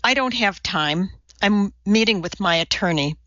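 A woman's voice: medium pitch, animated, measured pace, sharp tone, no room sound. A woman narrator voicing a practical, gossipy older female neighbor with an indignant edge, recorded a little dull.

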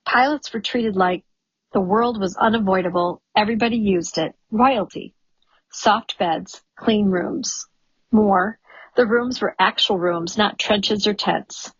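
A woman reads a first-person memoir aloud in a measured, wry way. Her voice is husky, the room is dry and close, and the recording is dull and lo-fi. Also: medium pitch, dry recording. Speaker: audiobook narrator.

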